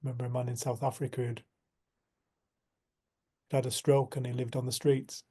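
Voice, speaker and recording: A man leading a community group, speaking in a reflective spiritual talk and telling a story in an earnest, unhurried way. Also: medium pitch, little pitch movement, mellow, husky.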